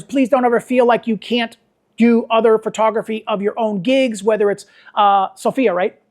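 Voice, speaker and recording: A man's voice: sits high, normal speed. A middle-aged man leading a photography workshop, telling stories and acting out the people he quotes. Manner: animated storytelling, acts out quoted voices. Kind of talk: workshop talk with anecdotes.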